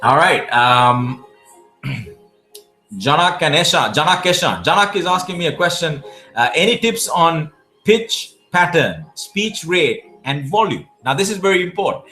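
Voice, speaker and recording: A man's voice: a little high, sing-song, measured pace, sharp tone, soft background music. A man from Asia, answering viewer questions in a live Q&A, giving emphatic coaching advice and often restarting his words. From South Asia. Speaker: public speaking champion answering viewer questions.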